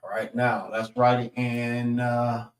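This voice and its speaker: A man teaching a class, slowly sounding out letters and checking in with the group as he goes. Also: medium pitch, monotone, recorded from a distance. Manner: slow and deliberate, sounding out letters, frequent "all right" checks. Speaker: class instructor. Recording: roomy echo.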